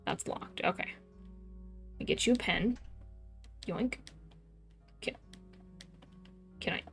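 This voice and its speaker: A woman streamer playing through a game, chatting casually and reading each line of dialogue aloud in light, playful character voices. Her voice sits at an ordinary middle pitch, with faint game music underneath. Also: slow, gravelly, a bit bright.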